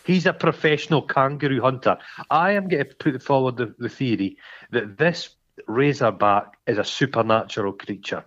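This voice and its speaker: A podcast co-host chats casually about a film, swearing freely and acting out quoted lines. His voice is mid-range and a bit bright, at a moderate pace, on a dull lo-fi recording.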